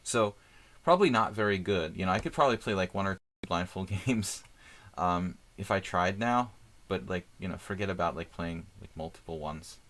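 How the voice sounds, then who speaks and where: A man's voice: deep voice, expressive, normal speed, fairly bright tone. Rambling man chatting while playing chess. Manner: rambling, filler-heavy, thinks aloud about moves. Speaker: chess streamer commenting on his games. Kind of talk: casual live-stream chat while playing.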